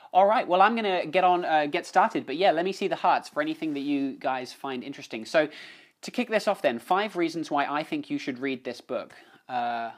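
Halting New man on a live stream. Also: mid-range voice. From New Zealand. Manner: halting, many restarts, greets viewers. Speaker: livestream host. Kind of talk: casual live-stream chat. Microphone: phone on a live stream.

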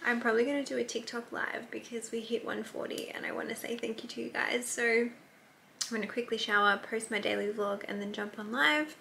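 Aussie girl vlogging at home, bright gravelly voice, chatty, swears a bit, faint hum behind. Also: fairly high pitch, steady tone, fairly quick. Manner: chatty, confiding, swears casually. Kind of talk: casual vlog chat to camera.

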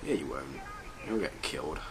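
Deep-voiced man swearing at a game. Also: normal speed. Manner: excitable, swears and yelps at failures. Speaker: let's play gamer. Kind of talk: casual gameplay commentary. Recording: noisy home recording.

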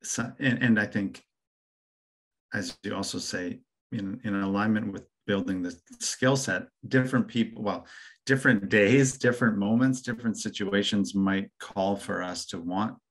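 Low-voiced, thoughtful male interviewer. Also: low-quality recording. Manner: thoughtful, affirming, halting with restarts. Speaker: interview host. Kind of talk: conversational interview.

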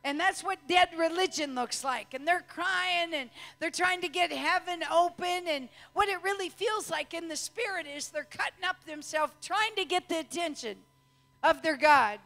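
A woman preaching a sermon with fervor, building to shouts and slow, drawn-out declarations. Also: very high-pitched. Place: church hall. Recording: long hall reverb.

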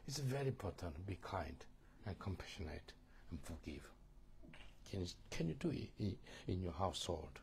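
Man, church marriage teaching, earnest, halting, gravelly, faint background noise. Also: sits low, very animated, darkish tone. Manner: halting, repeats words, asks listeners "Do you understand?".

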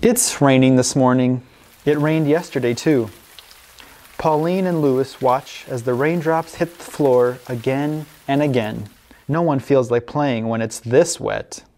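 A woman librarian reading picture books aloud at a family story time, expressive and warm. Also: extremely low pitch, unhurried. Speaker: children's librarian.

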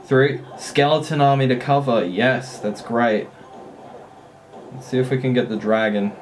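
A man giving casual, excitable commentary while playing a mobile strategy game, often swearing and laughing at his own play. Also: medium pitch, unhurried, a little hiss or hum.

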